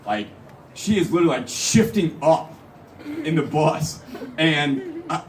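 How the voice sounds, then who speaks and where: A man's voice: fairly high pitch, animated, a little slow, a little hiss or hum. A young man telling a comic story live on stage, rambling and packing in "like" and "literally.". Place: live show venue. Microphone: phone camera from the audience. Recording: phone recording from far off.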